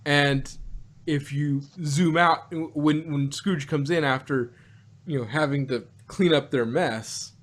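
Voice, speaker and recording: A man co-hosting a casual review chat, rambling and halting with many restarts. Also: a little high. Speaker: podcast co-host.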